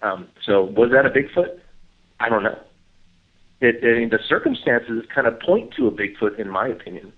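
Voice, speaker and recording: Man telling a story over a phone line. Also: normal speed. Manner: animated storyteller, acts out others' lines in high voice. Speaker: guest, Bigfoot researcher. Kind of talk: casual phone interview storytelling.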